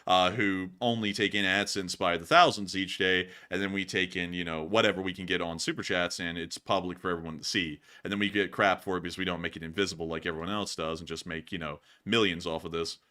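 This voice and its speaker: Bright-voiced young male streamer. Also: low-pitched, steady tone, fast, few pauses. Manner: loose and rambling, laughs easily. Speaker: host of a news livestream. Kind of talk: casual livestream chat.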